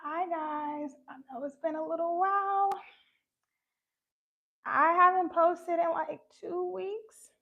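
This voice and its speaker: A woman speaking on a live stream about her faith, halting and emotionally open. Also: very high voice, a bit bright, muffled recording. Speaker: spiritual content creator.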